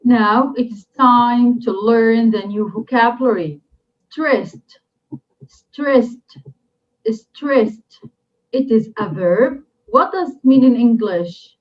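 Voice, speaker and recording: A woman teacher whose first language is Arabic works through an English lesson at a very slow, careful pace, drilling each new word three times. Her voice sits a little high. The recording sounds dull and lo-fi.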